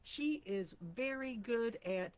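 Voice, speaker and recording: A woman hosting a casual live chat, telling stories in a chatty way, clearing her throat often, her morning voice slightly rusty. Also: on the high side, lively intonation, takes it slowly, a little mellow. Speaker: host of a live stream for empaths.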